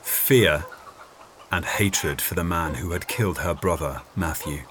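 A man narrating an audiobook in an expressive reading. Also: sits low, unhurried, background noise. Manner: expressive, voices many characters.

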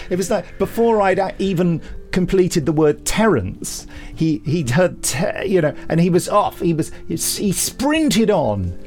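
A man's voice: on the high side, measured pace, faint music behind. A man hosting a podcast, telling an anecdote casually and animatedly, laughing as he goes. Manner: animated storyteller who laughs and acts out quotes. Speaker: podcast host and writer-director.

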